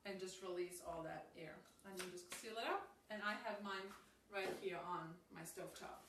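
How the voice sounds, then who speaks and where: A woman's voice: on the low side, normal speed. A woman hosting a casual live-stream cooking demonstration from a home kitchen, chatty and upbeat, talking straight to her viewers with frequent ums. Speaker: host of a live cooking demo. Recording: echoey kitchen, distant mic, faint noise.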